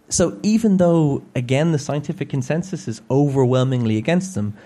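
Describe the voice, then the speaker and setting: A man's voice: mid-range voice, mellow. A man giving a humorous public talk to an audience, sardonic, with joking asides.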